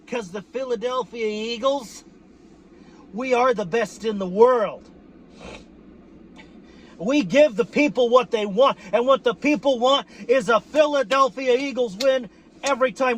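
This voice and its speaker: A man ranting loudly in a post-game victory rant as a football fan vlogger, swearing freely and breaking into shouted bursts from inside a car. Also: extremely high pitch, a little slow. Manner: boisterous, profane, shouting bursts.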